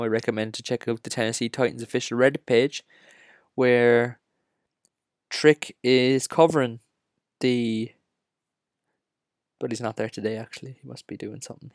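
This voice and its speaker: An Irish man with a Cork accent hosting a solo podcast, ranting and joking in an excitable, casual way. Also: medium pitch, normal speed, no room sound, studio quality. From Ireland. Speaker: podcast host.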